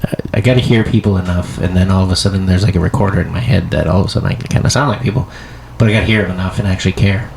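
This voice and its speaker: Gravelly low-voiced man, rambling casual chat. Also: very fast, hardly any pauses, background noise. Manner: rambling, profane, full of restarts. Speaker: podcast co-host and comedian.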